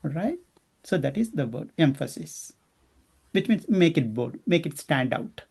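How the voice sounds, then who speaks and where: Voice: medium pitch, very animated, a little slow, gravelly, dark tone, husky. An instructor teaching a class step by step and often checking in with the students. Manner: explains step by step, often asking the class questions.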